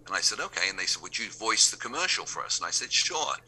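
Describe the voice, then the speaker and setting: Deep, bright-toned Englishman telling stories. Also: big pitch swings, very fast, slightly rough. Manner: acts out remembered dialogue in quoted voices. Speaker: radio DJ. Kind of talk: anecdotal storytelling.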